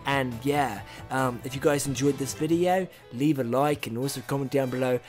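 Man faking a British accent, chirpy, rambling, jokey, fairly high pitch. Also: moderate pace, a bit bright, soft background music. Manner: bubbly, rambling sign-off.

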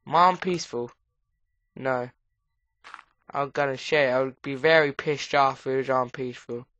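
A woman with a cold gives rambling casual commentary while playing a game, breaking into sudden high squeals. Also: normal speed, a bit bright, no echo. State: has a cold. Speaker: gamer. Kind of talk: casual let's play commentary. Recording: dull lo-fi recording.

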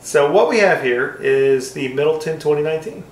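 A man's voice: on the high side, normal speed, roomy sound, recorded from a distance, rough recording. A man reviewing whiskey in casual chat, rambling and self-deprecating with frequent fillers.

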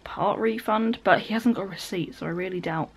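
A British woman in her twenties chats to the camera from her living room in a casual, giggly, rambling home vlog. Her voice is mid-range with a breathy edge, and she talks a little fast.

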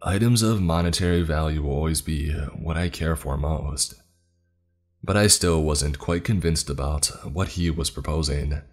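A man with an exceptionally deep voice reads a horror story aloud in a measured, dramatic way. Soft music runs quietly underneath his narration. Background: faint music.

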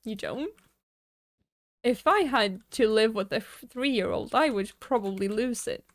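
A woman's voice: fairly high pitch, expressive, a little slow, no room sound, clean studio sound. A woman streamer in casual live-stream chat, chatty and giggly, laughing often as she rambles and answers her viewers.

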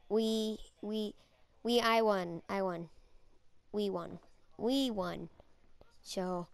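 A woman's voice: mid-range voice, clean tone, no echo. A woman giving playful, goofy live commentary while playing a shooter game, with silly chants and voices. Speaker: gamer.

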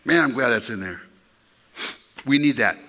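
Bright-voiced pastor preaching in a reverberant hall. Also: male voice, mid-range voice, animated, normal speed. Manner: emphatic, conversational preaching with asides to the congregation. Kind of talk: sermon. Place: church sanctuary.

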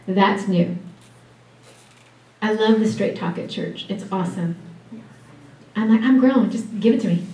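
A woman gives a conference talk in a lively, chatty way. She laughs often and makes playful asides to the audience. Her voice is mellow and warm, picked up from a distance in an echoey room. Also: mid-range voice. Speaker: ministry speaker at a conference.

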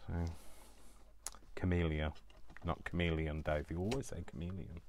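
Male craft vlogger, very deep voice, chatty and self-mocking. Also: fast talker, slight background noise. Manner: rambling, self-deprecating asides. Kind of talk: casual chat while crafting.

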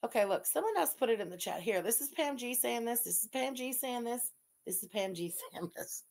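A woman from Canada hosting a livestream, talking in a sarcastic, profane way and laughing often. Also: high-pitched. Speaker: streamer host. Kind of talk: casual livestream commentary.

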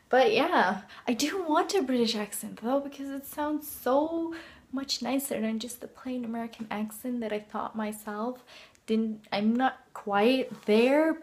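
A young woman from the Netherlands with a Dutch accent, chatting casually in her home vlog. She rambles along with lots of fillers and laughs, filming herself in her bedroom on a handheld camera. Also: a little high. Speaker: vlogger.

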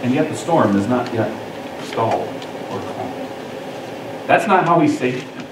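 A man preaching a sermon as pastor, expressive, acting out the lines he quotes. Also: mid-range voice, measured pace. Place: church sanctuary. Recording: echoey church room from far off, faint noise.

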